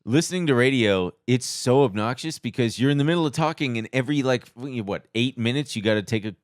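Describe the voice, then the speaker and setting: A man co-hosting a podcast, telling animated stories in casual chat and mimicking other people's voices. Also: medium pitch, brisk, no room sound, studio quality. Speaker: podcast co-host.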